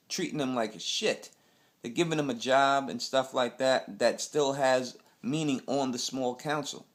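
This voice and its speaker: A young man from Queens, giving a casual, rambling TV episode recap full of blunt street slang. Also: medium pitch. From Queens, New York. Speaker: TV recap host.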